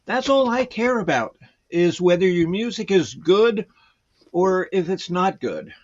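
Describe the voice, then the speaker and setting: Slow-talking, rambling man guest. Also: sits high, lively intonation, muffled recording. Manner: rambling, hesitant, full of fillers. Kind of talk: casual chat.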